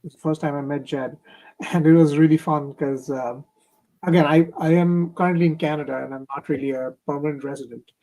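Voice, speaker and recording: A man's voice: on the high side, fairly even intonation, brisk, mellow, poor audio. A young man from India, a comic artist, talking casually in an interview with many fillers and restarts over a remote stream call.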